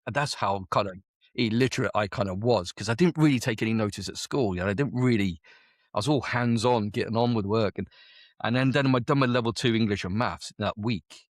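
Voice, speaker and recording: This man has a lowish voice; he's in his forties, from the UK, and is an army veteran and business owner. In a casual interview, he tells his story chattily, with plenty of quoted dialogue. The sound is clean studio audio without echo.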